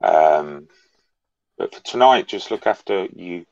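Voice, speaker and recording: A man on a call, talking in a calm, reassuring, earnest way. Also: deep voice, takes it slowly, creaky, no echo, muffled recording. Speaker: guest. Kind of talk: supportive casual call chat.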